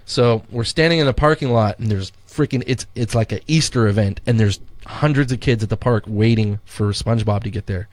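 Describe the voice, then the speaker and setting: A man's voice: on the low side, fairly quick, few pauses, a little mellow, no echo. A middle-aged man co-hosting a podcast in casual chat, a rambling storyteller who swears casually and acts out quotes. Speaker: podcast co-host. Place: studio.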